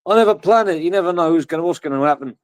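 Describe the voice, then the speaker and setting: A man's voice: on the high side, expressive, very fast. A middle-aged man from England hosting a casual livestream chat, rambling and joking with crude humour. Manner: rambling, jokey, swears freely. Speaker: livestream host.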